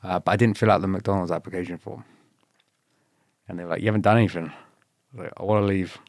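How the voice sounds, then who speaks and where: Relaxed low-voiced man with a British accent. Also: fast, creaky, no room sound, clean studio sound. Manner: laid-back, laughs often, quotes others in lively bursts. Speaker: podcast guest, former paratrooper. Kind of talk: casual storytelling interview.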